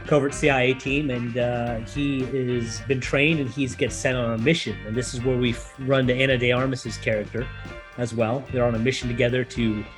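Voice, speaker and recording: A man with a nasal voice co-hosting a casual movie-review podcast, riffing in animated, jokey rants. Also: mid-range voice, moderate pace, soft background music. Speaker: podcast co-host.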